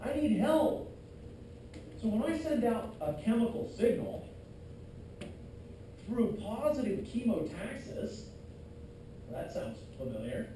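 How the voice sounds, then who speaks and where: A man teaching an anatomy class in a lively, joking way, teasing his students as he goes. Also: sits high, measured pace, long pauses. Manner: lively, jokey, teases students. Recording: echoey classroom, distant mic, faint hiss.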